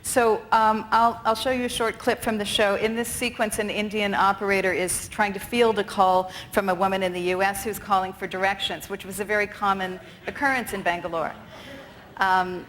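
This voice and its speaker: A woman's voice: mid-range voice, little pitch movement, normal speed, fairly bright tone, slight background noise, low-quality recording. A woman theater director giving a conference talk, speaking articulately with occasional fillers. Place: conference stage.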